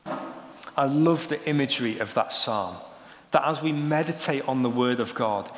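Young adult male preacher, lively storyteller, recorded in a reverberant hall. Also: medium pitch, unhurried, a little hiss or hum. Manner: animated storytelling, rising excitedly when joking. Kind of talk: sermon. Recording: roomy hall with long reverb.

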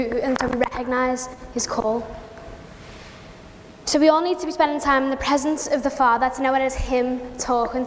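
A woman preaching a sermon in a conversational, informal way. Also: high-pitched. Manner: conversational and informal, with some restarts. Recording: long hall reverb with faint noise.

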